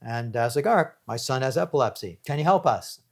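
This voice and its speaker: A middle-aged man, an executive coach giving an animated motivational talk on stage, swinging from loud to hushed as he tells stories. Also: mid-range voice, quick pace, gravelly.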